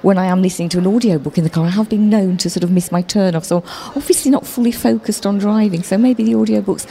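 A woman co-hosting a radio chat, chatty and quick to laugh. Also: mid-range voice, gravelly, dark tone, a little hiss or hum. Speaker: radio co-host.

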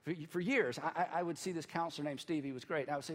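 A man preaching a sermon in a conversational, animated way, acting out voices as he teaches. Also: a little high, fast talker. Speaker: pastor. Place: church auditorium. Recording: long hall reverb.

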